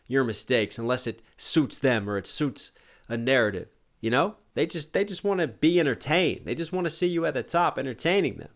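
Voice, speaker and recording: A man's voice: mid-range voice, animated, brisk. Thoughtful man breaking down lyrics. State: tired. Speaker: rapper reacting to a music video. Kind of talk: casual reaction commentary.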